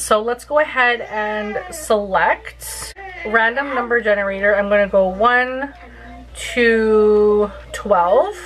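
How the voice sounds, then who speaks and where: A woman's voice: mid-range voice, fairly bright tone, a little hiss or hum, rough recording. A woman in her thirties chatting casually through a makeup tutorial, giggly and full of fillers. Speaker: beauty vlogger.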